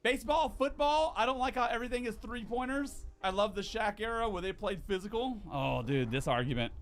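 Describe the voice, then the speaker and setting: A man's voice: high voice, animated, fairly quick. A young man streaming a game, chatting in a rambling, laid-back way, full of filler words. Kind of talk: casual chat while gaming.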